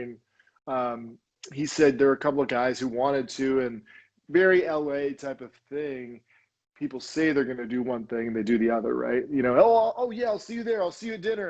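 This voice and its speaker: A man's voice: mid-range voice, highs cut off. A young adult man from Los Angeles, telling stories as a guest and acting out quoted lines. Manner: animated storyteller, acts out quoted lines. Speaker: guest, documentary filmmaker. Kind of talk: casual interview.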